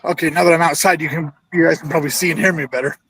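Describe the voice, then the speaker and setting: Breathless high-voiced man on a call. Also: fairly even intonation, racing, fairly bright tone, low-quality recording. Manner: hesitant, many uhs and ums. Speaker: toy collector and store owner. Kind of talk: casual video-call chat.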